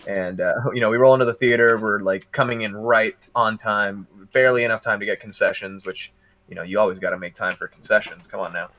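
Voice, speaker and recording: Man, podcast storyteller, bright forward tone, animated, laughs easily. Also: on the low side, fairly quick. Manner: animated, laughs through his own anecdotes. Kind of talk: casual storytelling.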